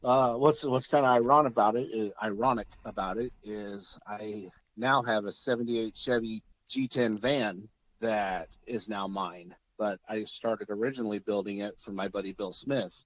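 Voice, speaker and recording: A man from Oregon, a podcast guest, telling a story in a casual, easygoing way and laughing through the rough parts. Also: on the low side, moderate pace, no room sound. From Oregon, USA. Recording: dull lo-fi sound.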